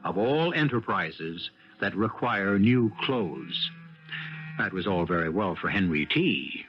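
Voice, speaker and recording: Wry, low-voiced radio drama host. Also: male voice. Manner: wry, arch storyteller. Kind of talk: scripted radio narration. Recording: dull lo-fi radio broadcast with music.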